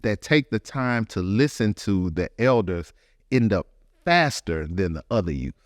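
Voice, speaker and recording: A man's voice: fairly low pitch, very animated, a little slow, no room sound, studio quality. A middle-aged man, a podcast co-host, talking in a reflective, easygoing way in casual chat. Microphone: podcast studio mic, facing own camera.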